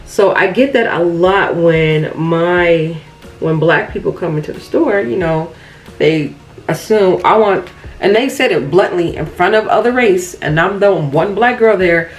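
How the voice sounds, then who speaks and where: Young woman, lowish voice, chatty storytime vlogger, faint music under her. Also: measured pace, low-quality recording. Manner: chatty, animated storytelling with laughs and asides. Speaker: makeup vlogger. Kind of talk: casual get-ready-with-me storytime.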